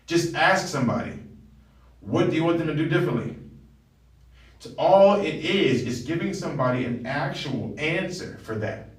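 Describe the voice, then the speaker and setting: A man's voice: fairly high pitch, expressive, moderate pace, distant mic. Blunt, preachy male wellness coach, recorded off-mic in an echoey room. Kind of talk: motivational monologue. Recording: roomy, from off the mic.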